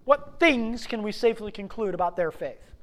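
A man's voice: high-pitched, expressive, moderate pace. A man in his thirties preaching a sermon as pastor, conversational, with many rhetorical questions to the congregation.

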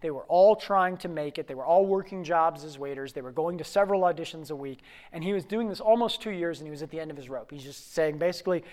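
A pastor preaching a sermon, telling a story in an animated way that swings between quiet and loud. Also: medium pitch, fast, hardly any pauses.

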